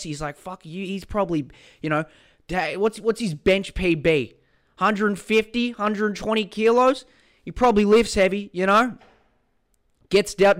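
Aussie bloke ranting solo on his podcast, swears heaps, sarcastic, kinda high voice, goes from loud hype to mumbling. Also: clear, resonant tone. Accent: Australian. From Australia. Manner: sweary, sarcastic, swings between loud mock-excitement and low mutters. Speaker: podcast host. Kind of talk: casual solo podcast rant.

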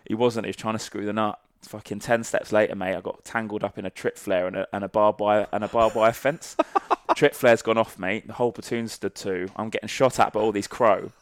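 A man with a low, gravelly voice recounts old training stories in a loose, profane, storytelling way. He is recorded close and dry, with no room sound. The interview is casual. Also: fairly even intonation, fairly quick, few pauses, no echo. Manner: salty, sweary anecdotal storytelling. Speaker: guest, former army sniper.

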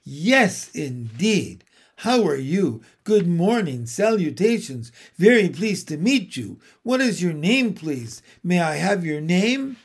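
A man's voice: sits high, big pitch swings, slow pace, husky, full character voice. A man voicing an eager, polite young male pig in a storybook reading, earnest and a little formal.

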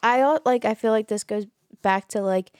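A woman's voice: mid-range voice, normal speed, darkish tone, clean tone, dry recording. Chatty young woman, dry close sound. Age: 20s. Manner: chatty, frequent "like" fillers, laughs while talking. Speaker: podcast co-host. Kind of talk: casual chat.

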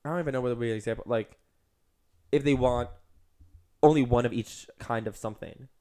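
A man chats casually as a podcast co-host. He talks at a brisk clip and rambles from one thought to the next, filling the gaps with "like" and "um". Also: medium pitch, darkish tone. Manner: rambling, heavy use of "like" and "um".

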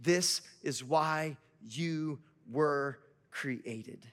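A man's voice: on the high side, extremely slow, a bit bright. A male pastor preaching a sermon in a conversational way, asking the congregation rhetorical questions.

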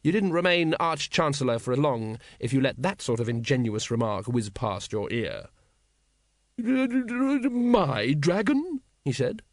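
A man narrating an audiobook in a wry, expressive way. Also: medium pitch, normal speed, hardly any pauses, dry recording, studio quality.

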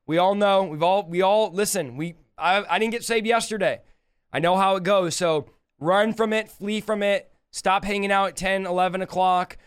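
Male streamer-preacher, fiery and emphatic, high smooth voice. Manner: emphatic, preachy, rising to loud exclamations. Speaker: preacher answering viewer questions on a live stream.

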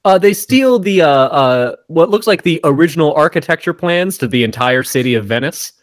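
A man's voice: fairly high pitch, lively intonation, brisk, dry recording. A man co-hosting a podcast, talking through a movie in casual chat and adding wry asides. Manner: chatty, adds wry asides and agreements. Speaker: podcast co-host.

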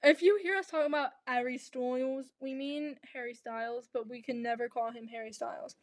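A woman's voice: high voice, steady tone, a little fast. A young woman co-hosting a podcast, telling a long story in a chatty, rambling way with lots of restarts. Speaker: podcast co-host. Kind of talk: casual chat.

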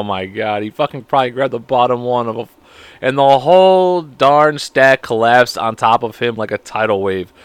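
A man's voice: mid-range voice, a bit bright, no echo. A man in his thirties hosting a podcast alone, reading stories aloud and breaking into laughing, profane commentary. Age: 30s. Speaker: podcast host.

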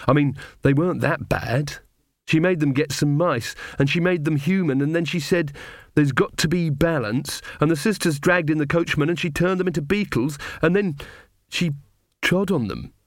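A man reading an audiobook, voicing a frightened young woman in an anxious, higher voice. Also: normal speed, dry recording, clean studio sound, lightly acted.

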